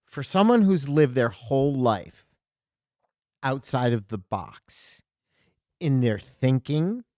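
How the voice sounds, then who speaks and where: A man's voice: mid-range voice, dark tone, dry recording, clean studio sound. A man hosting a podcast interview, asking curious, enthusiastic questions. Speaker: podcast host. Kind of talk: interview conversation.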